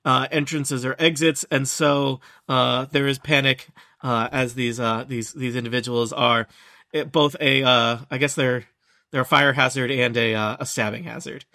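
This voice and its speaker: A man's voice: medium pitch, steady tone, moderate pace, sharp tone. A man narrating as game master of a tabletop game, often hesitant and restarting his sentences. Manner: hesitant, many fillers and restarts.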